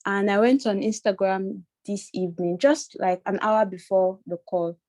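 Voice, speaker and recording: Woman, from Nigeria, tearful, halting, middle pitch, dry close sound, video call. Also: a little mellow, no room sound. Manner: halting, tearful, many restarts. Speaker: workshop participant. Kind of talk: emotional personal sharing on a video call.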